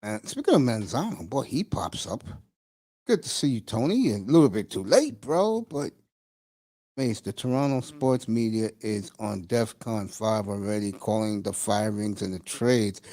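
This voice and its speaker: A man's voice: fairly low pitch, sing-song, measured pace, mellow. A middle-aged man hosting a morning talk stream, chatting loosely with listeners in slangy banter and laughing often. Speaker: host of a morning talk show. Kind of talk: casual live-stream chat.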